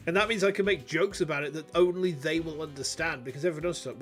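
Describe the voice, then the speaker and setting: A man's voice: a little high, fast talker, fairly bright tone, soft background music. A man with a Yorkshire accent, a streamer chatting casually while gaming, rambling and joking with some swearing. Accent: Yorkshire English. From Yorkshire, England. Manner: rambling, profane, jokey.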